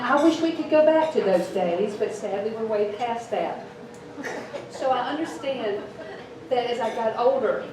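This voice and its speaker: This is a storytelling contestant from Mississippi, a woman in her fifties with a deep Southern accent, performing live. She's in an event hall with an audience, captured on a distant mic with echo and noise.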